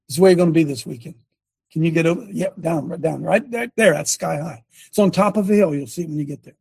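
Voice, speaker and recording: Gravelly older man preaching a testimony. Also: a little high, darkish tone, no room sound. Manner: emphatic storytelling with many repeats and restarts; breaks off to direct a helper at a screen. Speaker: speaker and former coach. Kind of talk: sermon-like testimony.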